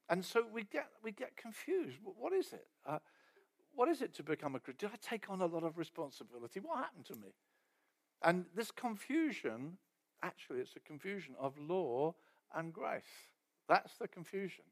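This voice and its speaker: A man's voice: high voice, very animated, moderate pace. Man preaching a sermon in storytelling style. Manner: conversational storytelling, acting out quoted voices, often dropping to a soft aside.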